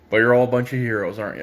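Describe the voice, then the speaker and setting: A young man from Ontario delivering an angry, sarcastic, swear-filled rant as a parent. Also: mid-range voice. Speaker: parent ranting on video. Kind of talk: profane political rant.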